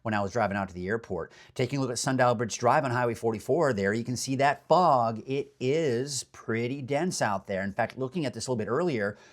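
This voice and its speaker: A man's voice: mid-range voice, brisk, few pauses. A man working as a meteorologist, giving a casual morning weather chat from a hotel room, rambling and chatty with fillers.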